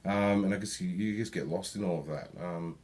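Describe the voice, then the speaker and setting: A man's voice: low voice, a little fast, a little mellow. A young man talking as a podcast guest in casual chat, hesitant with many ums and restarts.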